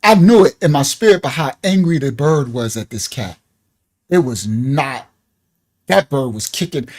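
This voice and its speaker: A man's voice: mid-range voice, expressive, normal speed. A man preaching casually, telling a story in slangy street talk, laughing often and swinging his voice up and down.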